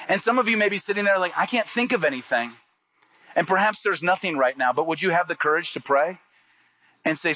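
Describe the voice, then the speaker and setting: A male pastor delivers a sermon in a bright, forceful voice pitched a little high. He reads scripture lower and softer, then jumps up when acting out other voices. The sound is dry and close. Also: animated, fast, no room sound. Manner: earnest preaching, drops low and soft on scripture, rises when acting out quotes.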